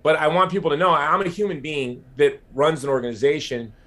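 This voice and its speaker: A man's voice: fairly high pitch, steady tone, fast talker, a bit bright. A man talking candidly as a podcast guest, rambling with frequent restarts. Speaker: podcast guest, nonprofit founder. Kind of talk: casual interview talk.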